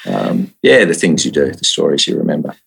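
An Australian man telling a casual story as an interview guest, lively and full of quick restarts. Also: a bass voice, creaky, husky. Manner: lively yarn-spinner, frequent restarts.

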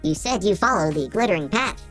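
A woman's voice: medium pitch, lively intonation, fairly quick, fairly bright tone, faint music behind, natural voice. A woman voicing a polite floating robot tour-guide drone with a formal, stately manner in a tabletop game. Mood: insistent.

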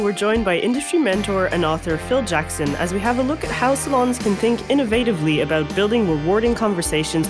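A woman co-hosting a podcast in casual chat, her voice nasal from a cold, laughing often. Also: mid-range voice. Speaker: podcast co-host.

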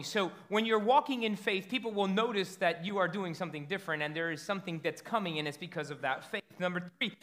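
High bright-voiced preaching man. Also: fast, hardly any pauses. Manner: animated storytelling preacher, stumbles and repeats words. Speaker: pastor. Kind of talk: sermon.

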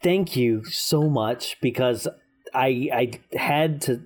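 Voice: medium pitch, takes it slowly. A podcast co-host recapping a film in casual comedic chat, laughing often and restarting sentences.

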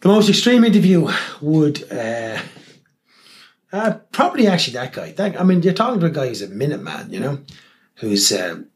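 A man's voice: a little high, sing-song, normal speed. A man telling stories in a casual interview, acting out the people he quotes and swearing freely. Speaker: guest, television presenter. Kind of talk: casual anecdotal interview talk.

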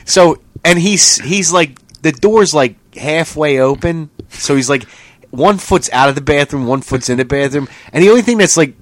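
A man's voice: on the high side, lively intonation, moderate pace, dry recording. A man cohosting a casual podcast chat, swearing a lot and laughing while he tells stories. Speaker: podcast co-host.

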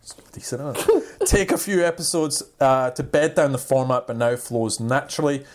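A man cohosting a casual banter podcast, animated and quick to laugh, hopping between topics. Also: mid-range voice. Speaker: podcast co-host.

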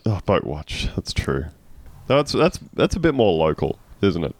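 A man's voice: sits low, very animated, a little slow, darkish tone. A man hosting a podcast, introducing guests in a jokey, loose way. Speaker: podcast host. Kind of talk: casual podcast chat.

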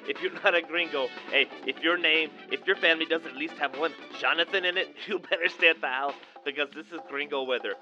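A man's voice: fairly high pitch, a little fast, hardly any pauses, sharp tone, highs cut off, soft background music, voice pushed up. A man doing a boisterous weatherman. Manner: boisterous, laughing, drops Spanish slang. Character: loud joking male Mexican weatherman.

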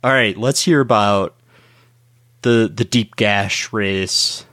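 A man hosting a casual podcast interview, asking relaxed, rambling questions. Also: fairly low pitch, slow pace, no room sound, clean studio sound. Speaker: podcast host.

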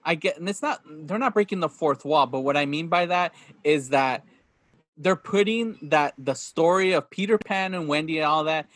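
A man hosting a podcast, chatting casually about a movie in an animated, rambling way with many restarts. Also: a little high, normal speed, no echo. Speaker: podcast host.

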